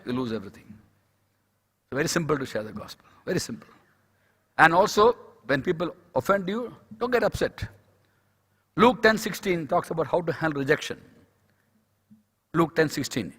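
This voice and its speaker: A man's voice: fairly high pitch, fairly bright tone, slightly rough. A man giving a devotional sermon at a conference, telling stories, acting out the dialogue and repeating key phrases. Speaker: speaker at a medical Christian conference. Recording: reverberant conference hall.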